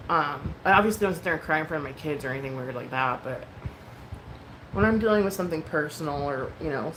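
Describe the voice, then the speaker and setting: Candid low-voiced woman streaming, swearing. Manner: candid and emotional, swears freely, many likes and ums. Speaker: livestream host. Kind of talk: casual livestream chat. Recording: noticeable background noise.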